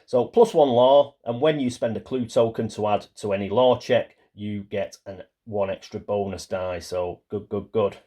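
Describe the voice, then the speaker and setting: A man's voice: on the low side, normal speed, few pauses, warm tone. A man talking casually through a solo board game, reading card text aloud and sometimes stumbling over the small print. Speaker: board game player and channel host.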